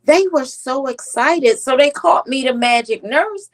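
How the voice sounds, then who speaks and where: Her voice is high-pitched and a little slow, and the recording quality is low. As a guest in a conversational interview, this East Coast–accented pediatric nurse and author spins animated stories, slipping into the voices of children.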